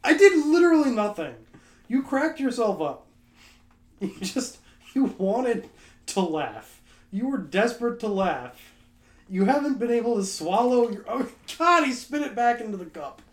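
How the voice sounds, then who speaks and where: A man co-hosting a podcast in casual banter, answering with dry, deadpan put-downs. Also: very high voice, a little slow, echoey room. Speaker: podcast co-host.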